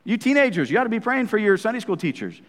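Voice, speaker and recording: A man preaches a sermon as pastor, talking conversationally to his congregation and often adding "right?" asides. His voice is high, sing-song and fast, with a big-room sound.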